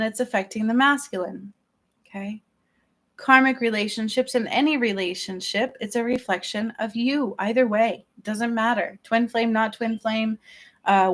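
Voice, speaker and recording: A woman's voice: fairly high pitch, fairly bright tone. A middle-aged woman, a spiritual healer, talking earnestly to her livestream viewers and checking in with them often. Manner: earnest, repetitive, addresses viewers directly.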